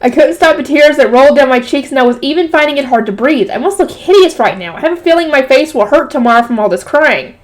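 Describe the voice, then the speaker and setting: A woman's voice: high voice, animated, quick pace, hardly any pauses. A woman reading a light novel aloud, stopping often to add casual jokey comments. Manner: breaks off to comment and joke. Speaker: reader.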